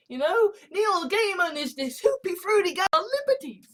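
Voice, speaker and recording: A man's voice: very high voice, lively intonation, moderate pace, few pauses, a bit bright, low-quality recording. A young man, rambling through monologue clips with heavy swearing and many restarts. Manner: profane, rambling, with frequent restarts. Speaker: amateur sermon vlogger.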